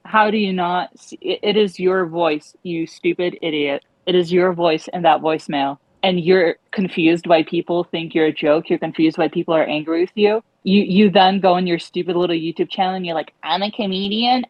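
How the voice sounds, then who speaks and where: A woman's voice: lowish voice, no room sound, lo-fi sound. A woman guest on an online call, venting her anger with lots of swearing. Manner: angry, profane venting. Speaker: interview guest.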